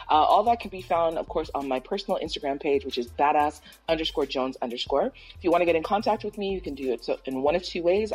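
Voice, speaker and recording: A woman's voice: low-pitched, a little mellow, rough recording. A woman from Toronto hosting a casual podcast chat, playful and loose, dropping Caribbean slang. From Toronto, Canada. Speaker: podcast host.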